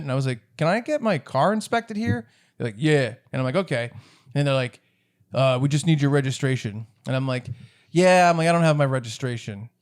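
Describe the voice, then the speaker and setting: A man co-hosting a comedy podcast, telling a long story in casual chat, acting out both sides and laughing often. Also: medium pitch. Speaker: podcast co-host.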